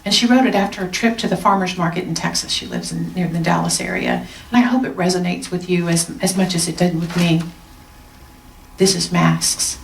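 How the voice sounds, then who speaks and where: A woman minister giving a gentle, reflective Sunday sermon with slow, soft pauses. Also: lowish voice, fairly even intonation, creaky, slight background noise. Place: church sanctuary. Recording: roomy sound, mic at a distance.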